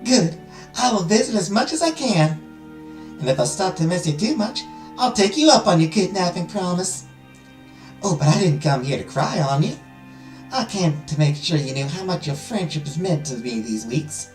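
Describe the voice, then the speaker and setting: Sweet Southern-belle princess. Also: male voice, sits high, expressive, normal speed, echoey room, soft background music, pitched above the performer's own voice, poor audio. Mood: sweet, gushing. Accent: Southern US, put on. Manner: gushing, affectionate, earnest. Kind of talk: reading a visual novel aloud, voicing characters.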